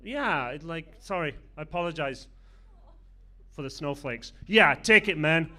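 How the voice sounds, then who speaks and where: A man hosts a comedy night, chatting with the crowd in a loose, apologetic way full of little hesitations. His voice is high for a man and sharply bright. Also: animated, measured pace. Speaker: comedy show host. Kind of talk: emcee crowd work.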